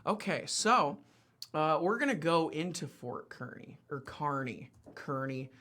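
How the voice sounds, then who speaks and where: Excitable bright-voiced man telling history. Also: fairly high pitch, unhurried, slight background noise. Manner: excitable, rambling, with many fillers and apologies. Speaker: guest, history podcaster. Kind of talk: excited storytelling in casual chat.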